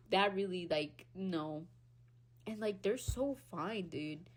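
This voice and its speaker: Her own podcast is the setting as a young Hispanic woman slowly works through a casual solo rant. She laughs often, swears freely and stays animated, with wide swings from loud squeals to quiet muttering.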